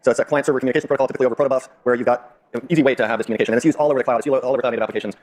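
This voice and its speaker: A man's voice: medium pitch, steady tone, very fast, darkish tone. A man co-presenting at a tech talk, explaining engineering problems in an earnest, detailed way. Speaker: conference presenter. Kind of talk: technical explanation.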